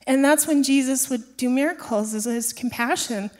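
A woman with a fairly high voice telling a personal story in front of a church congregation. She speaks casually and conversationally, with plenty of fillers. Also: normal speed. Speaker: pastor's wife sharing a testimony. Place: church sanctuary.

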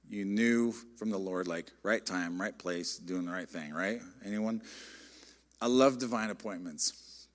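Lower-voiced man preaching. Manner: conversational, animated storytelling with quoted dialogue. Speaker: pastor. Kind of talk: sermon with personal stories.

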